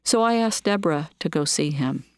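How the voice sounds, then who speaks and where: Woman, memoir reading, nurse recalling patients, calm measured delivery, lowish voice, dry close sound. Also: no room sound. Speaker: nurse narrating her own story.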